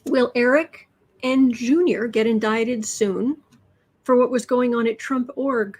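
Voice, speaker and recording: A woman's voice: fairly high pitch, a little slow, rough recording. A woman hosting a casual tarot livestream from a room indoors, chatting loosely with many restarts and reading out viewer comments. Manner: chatty, frequent restarts and repeated words. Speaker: tarot reader and livestream host.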